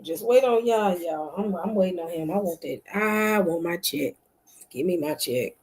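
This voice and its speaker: A woman's voice: fairly low pitch, expressive, normal speed, a little mellow, poor audio. Tired, sleepy woman chatting late at night. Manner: chatty, addresses viewers directly. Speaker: channel host. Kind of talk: late-night casual livestream talk. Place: home at night.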